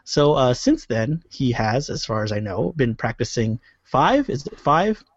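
A man's voice: mid-range voice, lively intonation, a little slow, no echo. A man co-hosting a podcast in casual chat, teasing and laughing often. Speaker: podcast co-host. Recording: dry lo-fi podcast audio.

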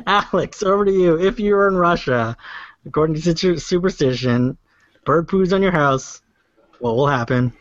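A man's voice: on the high side, very animated, normal speed, long pauses, no room sound. A man hosting a casual quiz game, joking and laughing easily. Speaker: quiz host. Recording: dry, dull sound.

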